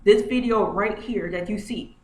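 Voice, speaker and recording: This is screen-share commentary from a woman vlogging at her computer at home; her mid-range voice moves at a moderate pace. She sounds agitated as she walks through her screen, often saying things again, and the audio has a roomy echo with faint noise.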